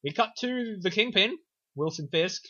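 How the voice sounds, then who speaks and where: A man's voice: high voice, expressive, moderate pace, sharp tone. A man co-hosting a podcast, recapping a film in a sarcastic, profane, offhand way. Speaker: podcast co-host reviewing a film. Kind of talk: casual film recap chat. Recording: dull lo-fi sound.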